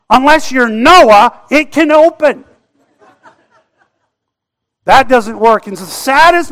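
A man preaching a sermon as a story, animated, swinging between loud outbursts and hushed, quiet passages. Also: high-pitched.

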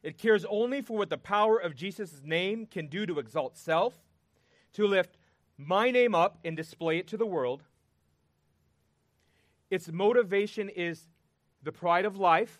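High-voiced preacher, earnest and emphatic. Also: male voice, a bit bright, no room sound, studio quality. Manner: earnest, emphatic, with pauses and repeated words. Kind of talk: sermon.

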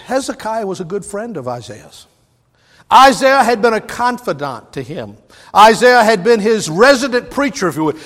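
A man's voice: sits high, fairly bright tone, long reverb tail. A man preaching a sermon as a substitute preacher, with folksy, joking asides.

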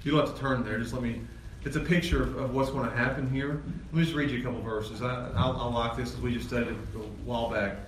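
A man preaching a sermon as pastor, animated, swinging from loud excited peaks to low emphatic lines. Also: fast, hardly any pauses, background noise. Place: church sanctuary. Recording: echoey church hall from far off, faint ambience.

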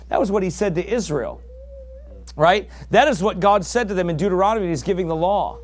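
A man preaching a sermon with real fire behind it. His voice sits somewhat high for a man and climbs into shouts when he drives a point home. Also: brisk. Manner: fiery, rising to shouts.

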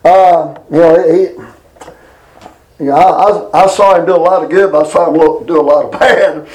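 A middle-aged man giving a casual Bible lesson, rambling through folksy stories and reading scripture slowly. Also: fairly high pitch, steady tone, a little mellow, low-quality recording. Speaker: Bible teacher.

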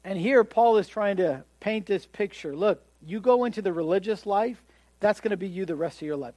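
A man delivers a sermon with a high, lifted voice. He is animated, slipping into the voices of the people he quotes and stumbling over repeated words as he gets carried along. The sound is dry and close, with no room around it. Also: normal speed, dry recording. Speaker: pastor.

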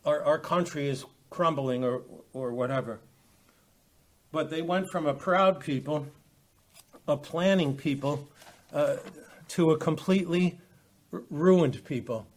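A man teaching a Bible study, halting often with fillers and restarts as he reads and explains verses. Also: a little high. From United States.

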